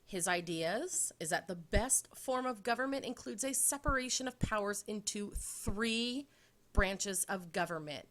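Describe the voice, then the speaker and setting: A woman teacher talks through a recorded lecture over slides at a middle pitch. She is upbeat and clear, and she adds simple memory tricks as she explains. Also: fairly bright tone.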